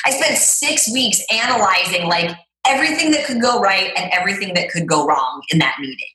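A woman's voice: mid-range voice, animated, brisk, bright, forceful tone. A woman guest telling her story in a casual interview, chatty and full of filler words. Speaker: guest, fitness trainer. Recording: roomy echo.

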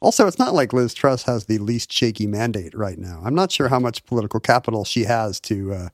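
A man co-hosting a podcast, chatting casually and tossing in quick wisecracks. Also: lowish voice, lively intonation, dry recording, studio quality. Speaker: podcast co-host. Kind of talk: casual banter.

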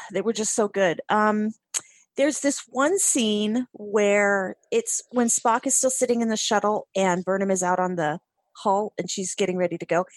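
A woman's voice: medium pitch, unhurried, dry recording. Emotional woman podcast co-host. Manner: emotional, gushing, sighing. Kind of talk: casual chat.

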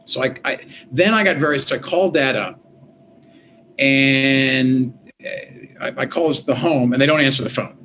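Middle-aged male guest, mid-pitched, lively storyteller who restarts often, with a light hiss behind him. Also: poor audio. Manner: animated, quick restarts, quotes himself and others. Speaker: interview guest. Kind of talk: conversational storytelling.

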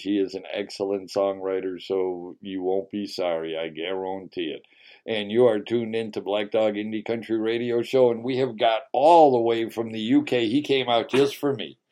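On a casual radio show and interview, a male host jokes, rambles and teases. His voice is on the low side and a little mellow, picked up by a studio mic with a webcam.

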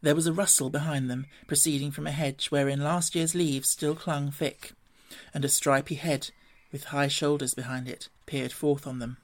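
A reader narrating a classic storybook in a measured, even way. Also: medium pitch. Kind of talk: storybook reading.

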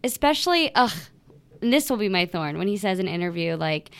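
A woman co-hosting a podcast in casual chat, gushing and animated, with lots of "like". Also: mid-range voice, brisk, creaky, clean tone. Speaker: podcast co-host.

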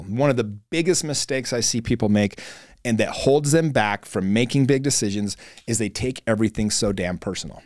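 A man's voice: medium pitch, darkish tone, no room sound, clean studio sound. A man hosting a podcast, giving an earnest motivational talk in a coaching tone, with frequent fillers and restarts. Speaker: podcast host. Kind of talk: motivational monologue.

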